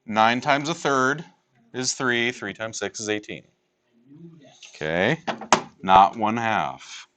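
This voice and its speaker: A man teaching a high school math class in a classroom, lecturing with emphasis and repeating key points for his students. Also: takes it slowly, long pauses, fairly bright tone, slight background noise.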